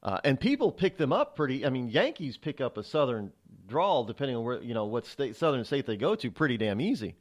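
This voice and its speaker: A man's voice: mid-range voice, big pitch swings, brisk. A man hosting a show, talking in a rambling, chatty monologue with frequent restarts. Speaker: radio show host. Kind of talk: casual monologue.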